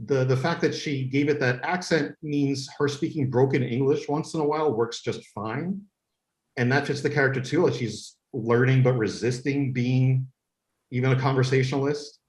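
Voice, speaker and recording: A man who is a guest on a podcast, a series creator, telling stories with enthusiasm and frequent restarts. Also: mid-range voice. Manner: enthusiastic storytelling, many restarts. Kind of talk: casual podcast interview. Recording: echoey room.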